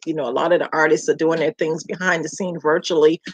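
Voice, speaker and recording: A middle-aged woman from Georgia with a Southern accent, hosting her food page in a warm, chatty welcome talk that repeats words for emphasis. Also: sits low, fast, husky, low-quality recording. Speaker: home cook and food page host. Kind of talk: casual heartfelt welcome chat.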